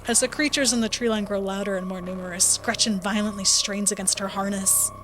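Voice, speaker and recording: A woman's voice: medium pitch, steady tone, fairly quick, over music. A woman streamer playing a story game, reading its text aloud with playful asides. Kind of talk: let's-play narration reading a visual novel aloud.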